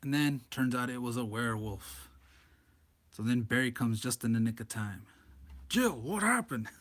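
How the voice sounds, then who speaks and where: A man reviewing a comic casually, reading panels aloud, laughing often, wired and energetic. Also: medium pitch, moderate pace.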